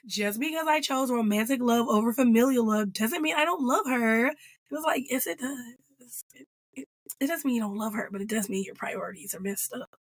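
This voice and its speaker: A woman giving a casual, animated reaction review of a TV episode, playful and full of slang. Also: a little high, moderate pace, no room sound.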